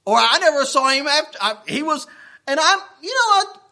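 Man preaching, very high voice, lively swooping delivery, folksy and worked up. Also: normal speed. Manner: folksy, animated, getting worked up. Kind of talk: sermon storytelling.

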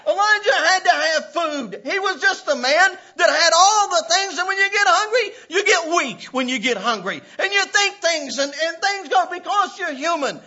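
High-voiced impassioned male preacher. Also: lively intonation, moderate pace, hardly any pauses. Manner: impassioned preaching, breaking into shouts and laughs. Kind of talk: sermon. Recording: dull lo-fi recording.

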